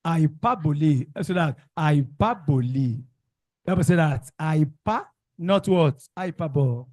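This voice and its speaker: A man's voice: on the high side, lively intonation, a little slow, darkish tone, dry recording, clean studio sound. Male teacher drilling a class. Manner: call-and-response drilling, asks questions and repeats answers. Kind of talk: classroom revision lesson.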